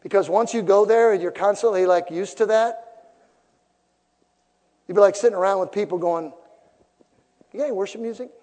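A man preaching a sermon to a congregation, emphatic, building to loud rising peaks. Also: high voice, normal speed, pauses often. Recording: long reverb of a large hall.

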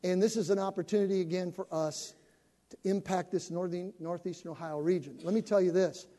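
An older male pastor making an animated appeal to his congregation, building up to shouting. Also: high-pitched, brisk. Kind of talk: sermon announcement to a congregation. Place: church sanctuary. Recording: long reverb of a church hall.

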